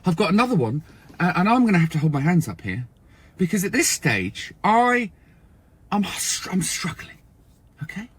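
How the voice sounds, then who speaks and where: A man's voice: high-pitched, very animated, normal speed, long pauses, husky, dry recording. A man from England with an English accent, ranting in a comic, exasperated way, with lots of swearing and stammering restarts. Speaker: TikTok creator. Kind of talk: comic rant to camera.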